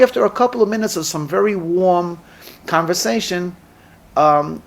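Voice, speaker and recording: A man, a rabbi, telling a story to his community and acting out the dialogue of its characters. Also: high-pitched. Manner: lively storyteller, acts out dialogue. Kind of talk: storytelling sermon.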